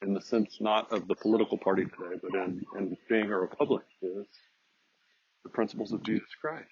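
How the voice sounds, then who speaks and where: Man, podcast host, low husky voice, dull lo-fi sound. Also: brisk, darkish tone. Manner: earnest, preachy, emphatic. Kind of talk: casual monologue.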